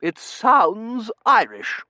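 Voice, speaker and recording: A man's voice: high voice, huge pitch swings, very slow, pushed and bright, dry recording, pitched above the performer's own voice, full character voice. A man voicing a haughty, frosty Victorian matron who speaks with icy disdain. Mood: indignant.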